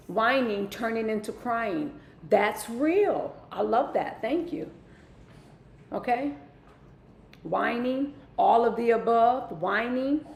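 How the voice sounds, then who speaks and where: Hosting a wellness livestream, a middle-aged woman gives an emphatic motivational talk aimed straight at the people watching live. She sounds a little high, creaky, and a little mellow, recorded in an echoey room with faint background noise.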